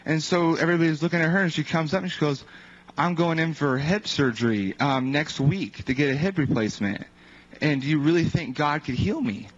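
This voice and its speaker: A man's voice: a little high, a little fast. A man casually telling a faith-healing testimony, rambling with many fillers and acting out the quotes of others. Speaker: evangelist sharing a testimony. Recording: dull lo-fi recording.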